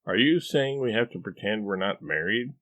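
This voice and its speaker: A man's voice: fairly low pitch, lively intonation, moderate pace, fairly bright tone, pitched above the performer's own voice. A man voicing an exasperated adult wife who fires off incredulous, teasing questions at her husband in a storybook reading. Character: exasperated sharp-tongued wife, adult woman.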